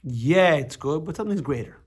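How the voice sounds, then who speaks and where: A man's voice: on the high side, animated, brisk, breathy edge. A man teaching a casual class on a religious text, explaining with everyday examples, often restarting and repeating words.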